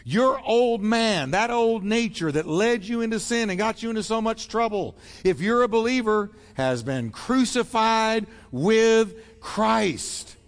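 A man's voice: sits high, normal speed, hardly any pauses, big-room sound. A man preaching a sermon as pastor, emphatic and acting out the voices he quotes.

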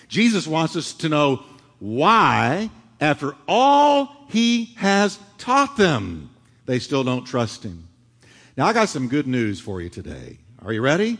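A middle-aged male pastor preaching a sermon, swinging from loud, dramatic lines to hushed ones. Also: on the high side, wildly swooping pitch, takes it slowly. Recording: long hall reverb.

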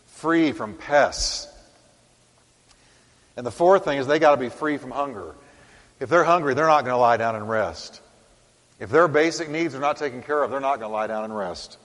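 A man's voice: normal speed, pauses often. Dynamic male preacher in a reverberant hall. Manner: dynamic preaching, swelling louder on scripture and dropping low. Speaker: pastor. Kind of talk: sermon. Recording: long reverb of a large hall.

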